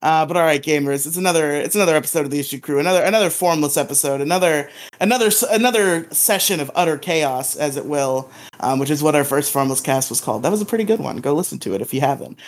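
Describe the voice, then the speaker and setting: A man's voice: a little high, quick pace. Male podcast host, casual banter, jokey, laughs a lot. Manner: joking, laughs often.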